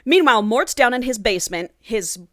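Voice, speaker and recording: A woman's voice: fairly high pitch, lively intonation, brisk, fairly bright tone, no echo, clean studio sound. A woman podcast host chatting casually as she recaps a book. She swears freely and acts out quotes.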